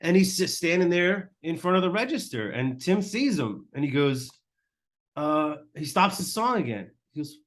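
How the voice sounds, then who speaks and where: A middle-aged man hosting a casual chat, telling an animated story and acting out the people in it. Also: fairly high pitch, moderate pace. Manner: animated storyteller, acts out quotes. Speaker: host.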